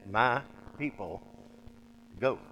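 A man's voice: mid-range voice, extremely slow, pushed and bright, big-room sound, a little hiss or hum. A man voicing God as a blunt, commanding and impatient figure, talking in a folksy way.

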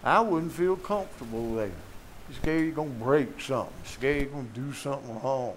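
A man's voice: medium pitch, fairly quick, a little hiss or hum. An older man with a Southern US accent preaching a folksy, joking sermon with emphatic peaks.

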